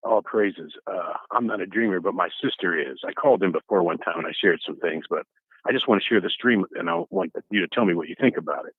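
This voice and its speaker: Male phone caller, lowish husky voice, rambling storyteller, tinny phone line. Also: lively intonation, quick pace, no room sound. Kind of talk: telling a story on a call-in show.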